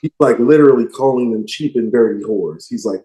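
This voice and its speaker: Guy talking music on a podcast, mellow voice, lots of emphasis, roomy echo. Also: medium pitch, a little fast. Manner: animated, emphatic, quotes lyrics with relish. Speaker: podcast co-host. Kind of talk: casual music discussion.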